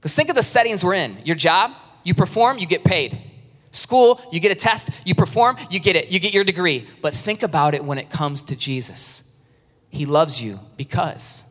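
A man preaching an animated sermon, acting out worried churchgoers in a high, strained voice. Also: moderate pace. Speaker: pastor. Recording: reverberant hall sound.

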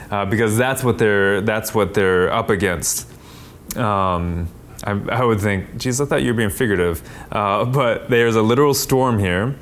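A man preaching a sermon, animated, acting out quoted lines with a raised, louder voice. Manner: animated, acts out quotes with rising pitch and loudness. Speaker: pastor.

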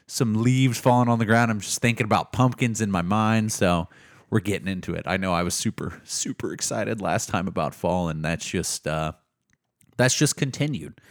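A man's voice: on the low side, normal speed, no room sound, clean studio sound. A man co-hosting a book podcast, chatting casually in a joking, rambling way. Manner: joking, rambling, self-interrupting. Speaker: podcast co-host. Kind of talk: casual chat.

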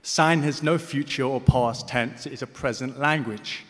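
A deaf man performing spoken word poetry on stage, with slightly slurred speech, moving between rhythmic recitation and soft, hesitant asides to the audience. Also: medium pitch, normal speed. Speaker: poet performing. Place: large hall on stage. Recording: live hall reverb.

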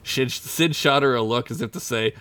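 Male podcast storyteller, casual read-aloud, mid-pitched, chuckles through his narration. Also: moderate pace, bright, forceful tone, no echo. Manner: casual, laughs into his own lines. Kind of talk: reading his own comic story aloud.

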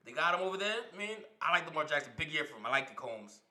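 A man co-hosting a sports podcast, casual and animated, teasing his co-host. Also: fairly high pitch, rapid-fire.

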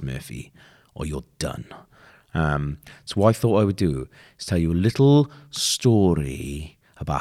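Low-voiced young podcast host, casual solo storytelling, laid-back and sweary. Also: male voice.

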